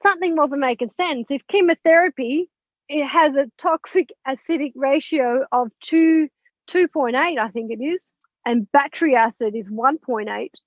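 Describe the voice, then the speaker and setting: Podcast guest: frank, lively woman with a high voice, on a dull lo-fi recording. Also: no room sound. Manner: animated, candid, swears and laughs while recounting. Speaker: podcast guest, spiritual mentor. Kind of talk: personal storytelling in an interview. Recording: dull lo-fi, dry sound.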